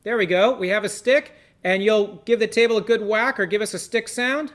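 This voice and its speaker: A man's voice: high voice, a little fast, fairly bright tone. Upbeat man hosting on a video call. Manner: upbeat, encouraging, with frequent fillers. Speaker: rabbi leading an online seder. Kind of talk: casual hosting and cueing participants.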